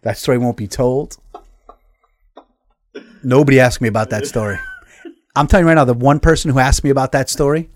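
Animated, profane New storyteller man. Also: medium pitch, fairly quick, long pauses. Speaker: podcast host. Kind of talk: casual storytelling chat.

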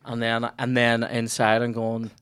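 A man's voice: mid-range voice, completely flat delivery, a little slow, a bit bright, smooth, no echo, clean studio sound. A young man with a Northern Irish accent, a comedian hosting a podcast, telling stories in casual chat and swearing freely. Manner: rambling storyteller, swears freely.

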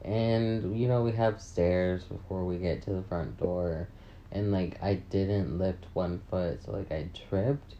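A woman's voice: extremely low pitch, steady tone, slow, muffled recording, slight background noise. A young woman rambling through a casual confessional vlog, swearing often and mocking herself. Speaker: vlogger.

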